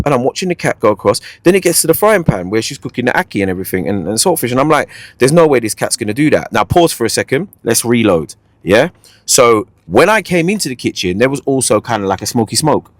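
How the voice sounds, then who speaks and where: A man hosting a podcast, telling a dating story in a playful, animated way and repeating his own catchphrases. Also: mid-range voice, fast talker, no room sound. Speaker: podcast host. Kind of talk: casual storytelling chat.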